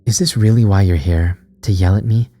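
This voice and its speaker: Man voicing a detached, unfeeling teen girl in a horror narration; cool, measured, low dark tone. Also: faint music behind, lightly acted. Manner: flat, cool, measured delivery. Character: cold detached teenage sister, unfeeling and calm.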